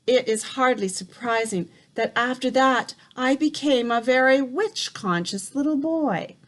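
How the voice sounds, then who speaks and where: A woman reading a children's book aloud, steady and calm. Her voice sits slightly high. She takes her time over every sentence. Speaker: reader. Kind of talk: storybook read-aloud.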